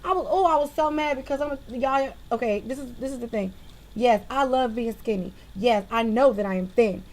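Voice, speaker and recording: A woman venting to her viewers in a casual monologue into a webcam, animated and exasperated. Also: fairly high pitch, a little fast, rough recording. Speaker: vlogger.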